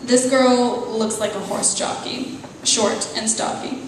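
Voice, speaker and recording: A woman's voice: a little high, fairly even intonation, takes it slowly, slight background noise. Woman reading her novel in an echoing hall. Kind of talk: live public reading. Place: event venue, indoors. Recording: echoey hall, voice far from mic.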